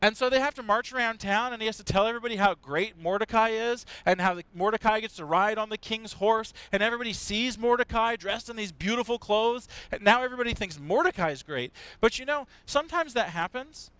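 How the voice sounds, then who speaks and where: A man giving a children's sermon in church, telling a story in an animated way and asking the children questions. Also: high-pitched, a little fast, few pauses, clean tone, no echo, low-quality recording. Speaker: pastor.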